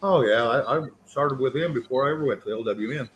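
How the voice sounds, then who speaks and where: A male livestream host with a mid-pitched voice who rambles easily as he brings callers on. A faint hum of noise sits under the recording. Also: a little fast, low-quality recording. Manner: rambling, friendly and welcoming to guests. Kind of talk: casual chat.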